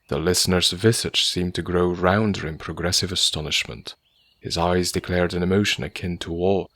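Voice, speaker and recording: Male narrator, low pitch, measured storytelling, dry close-miked audiobook sound. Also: fairly even intonation, fairly bright tone, no room sound.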